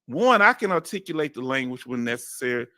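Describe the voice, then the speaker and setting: Southern man from Houston, bright and dry. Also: mid-range voice, sing-song, fairly quick, no echo. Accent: Southern US, Texas. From Houston, Texas. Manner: folksy, reads comments aloud and chats directly to viewers. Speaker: host. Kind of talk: casual livestream chat.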